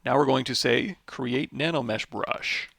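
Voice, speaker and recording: A tired man with a lot of vocal fry, teaching a live software tutorial and thinking aloud as he works through menus. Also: medium pitch, unhurried, dry recording, studio quality. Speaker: 3D modeling instructor.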